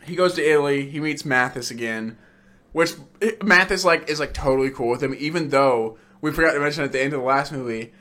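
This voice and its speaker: A man's voice: mid-range voice, a little fast, bright, forceful tone. A young man co-hosting a podcast, recapping freely with lots of swearing and acting out quoted lines. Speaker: podcast co-host. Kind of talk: casual chat.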